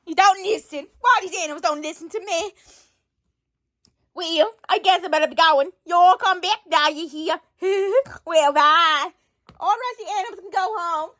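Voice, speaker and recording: A woman voicing a cheerful, flirty country farm woman who yells at her animals, with a folksy drawl. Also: extremely high pitch, moderate pace.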